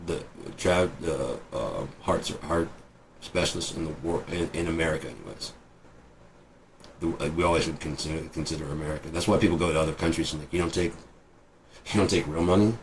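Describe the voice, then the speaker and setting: Low-voiced young man rambling. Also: brisk, gravelly, noisy background. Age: 20s. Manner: rambling, profane, jumps between tangents. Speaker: vlogger. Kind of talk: rambling monologue.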